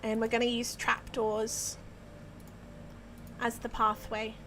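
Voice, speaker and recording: A woman's voice: fairly high pitch, completely flat delivery, takes it slowly, a bit bright, a little hiss or hum. An Australian woman chatting casually while she live-streams herself building in a game, giggling and playful, laughing often. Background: faint background music.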